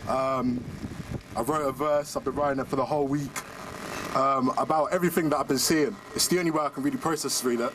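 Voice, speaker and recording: A man's voice: mid-range voice, steady tone, fast. A young man at an outdoor protest, speaking hesitantly and reflectively before reciting a verse he wrote. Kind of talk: casual speech, then a recited rap verse. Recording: outdoor recording with street noise.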